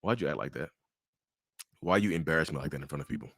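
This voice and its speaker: A man voicing a controlling partner scolding in a low, hushed voice. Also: lively intonation, fast talker, gravelly, no echo, clean studio sound, exaggerated voice.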